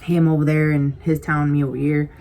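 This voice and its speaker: This woman talks fairly quickly in a low, warm voice with a flat delivery, and a little background noise sits under the track. A vlogger snacking on camera, she chats and rambles through a casual story full of "like" and "you know," confiding straight to her viewers through a compact camera mic.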